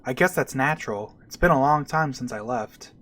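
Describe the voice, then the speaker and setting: A man's voice: medium pitch, animated, moderate pace, fairly bright tone, natural voice. A man reading as Vivi, a timid little boy mage. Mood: wistful.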